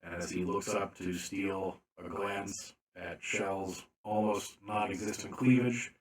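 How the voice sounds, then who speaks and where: A man narrating a tabletop game as game master, slow and deliberate with frequent fillers. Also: low-pitched, steady tone, roomy sound.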